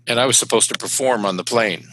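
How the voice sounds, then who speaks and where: A man's voice: mid-range voice, fast talker, a bit bright, a little hiss or hum, rough recording. A middle-aged man from Canada, a stand-up comedian telling wry road stories with punchlines in a casual chat. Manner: anecdotal, wry, with punchline delivery.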